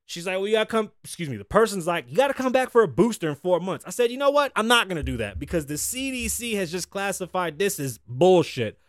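A man's voice: fairly high pitch, no echo, studio quality. A man hosting a podcast, telling stories in a casual, profane, exasperated rant. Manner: profane, animated, exasperated storytelling. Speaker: podcast host. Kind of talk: casual ranting monologue.

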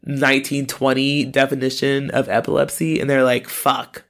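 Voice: medium pitch, level tone, normal speed. Rambling podcast co-host, laughing. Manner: rambling, laughs often, fills with "like". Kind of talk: casual chat recapping a TV episode.

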